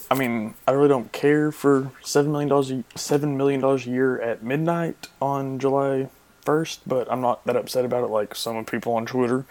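A young man who is a guest on a casual podcast, speaking in a dry, offhand way. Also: mid-range voice.

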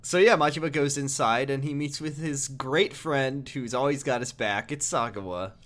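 A man's voice: mid-range voice, moderate pace, fairly bright tone. A man co-hosting a casual podcast, joking and laughing often, with plenty of fillers. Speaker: podcast co-host.

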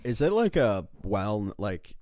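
A man's voice: on the low side, very animated, slow, a little mellow, no echo, clean studio sound. A young man in casual chat, easygoing and self-deprecating as he tells short stories about himself.

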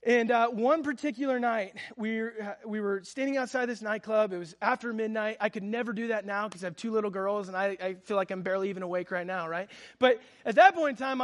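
A man's voice: high voice, fairly bright tone. A man in his thirties preaching a sermon, telling a personal story with fervent, earnest delivery. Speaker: pastor.

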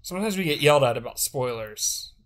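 A man's voice: medium pitch, expressive, fairly quick. A man co-hosting a casual podcast, blunt and sardonic, with frequent swearing. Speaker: podcast co-host.

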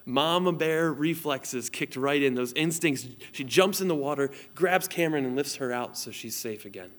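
A man's voice: medium pitch, normal speed, a bit bright. A man in his thirties preaching an online sermon as a pastor, telling a family story in an earnest way and reading scripture aloud.

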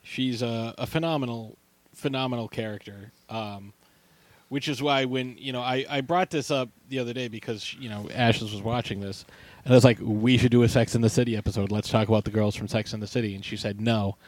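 A man's voice: medium pitch, steady tone, brisk. A man with a mid-range voice co-hosts a casual podcast, chiming in with jokes and easygoing banter. The sound is close and dry, with no room echo. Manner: joking, interjecting banter. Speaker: podcast co-host. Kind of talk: casual chat.

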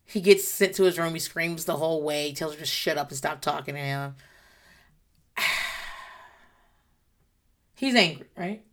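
A mother talking casually about parenting, blunt and animated, with plenty of swearing. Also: deep voice, moderate pace, long pauses.

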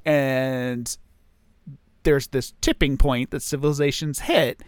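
A man's voice: medium pitch, fairly even intonation, takes it slowly, no room sound, clean studio sound. A man co-hosting a podcast in casual chat, rambling with restarts and laughing easily. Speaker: podcast co-host.

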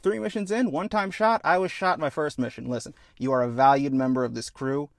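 A man's voice: on the high side, fairly even intonation, a little fast, vocal fry, no echo. A man voicing a reassuring male starship captain who coaxes his crew. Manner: coaxing, easygoing leader talk.

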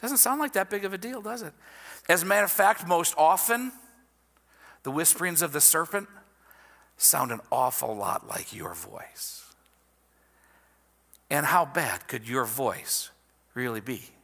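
A man preaching a sermon in an animated, conversational way, often checking in with his listeners. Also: on the high side, a little slow, gravelly, pauses often, big-room sound. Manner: animated, conversational, asks the audience "right?". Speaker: pastor.

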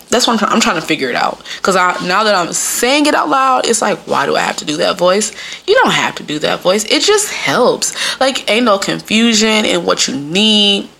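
A woman from the Midwest hosting a podcast in a casual comedic monologue, talking in an animated way and acting out the voices of the people she quotes. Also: medium pitch, gravelly, breathy edge. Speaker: podcast host.

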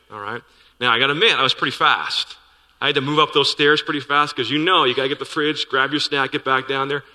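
A man's voice: mid-range voice, sharp tone. Earnest man preaching in an echoing church. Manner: earnest, conversational preaching with folksy asides. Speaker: pastor. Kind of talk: sermon. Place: church sanctuary.

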